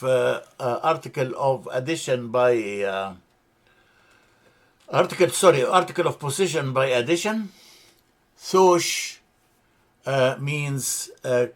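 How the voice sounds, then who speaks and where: A man teaching a grammar lesson, halting with many fillers and restarts as he spells out words. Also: mid-range voice. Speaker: language teacher.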